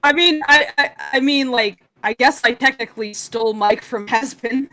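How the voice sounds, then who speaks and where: A woman's voice: high voice, normal speed, sharp tone. A woman hosting a casual group chat on a voice call, rambling and giggling with lots of fillers. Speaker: show host and film director.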